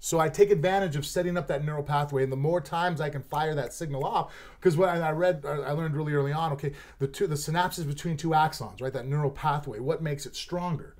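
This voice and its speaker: A middle-aged man chatting casually as a podcast guest, animated, swearing freely and laughing often. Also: a little high, fast talker. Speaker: guest fighter.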